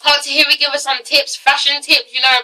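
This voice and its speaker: Talking fairly quickly with flat delivery, a young YouTube reality-TV reviewer vents through a casual vlog in a high, very bright voice. Blunt and fed up, she curses without restraint, sounding slightly distant from the microphone.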